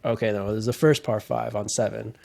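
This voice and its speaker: A man's voice: on the low side, little pitch movement, brisk, creaky, a little mellow. A man in a casual podcast chat, telling rambling golf stories and laughing often mid-sentence.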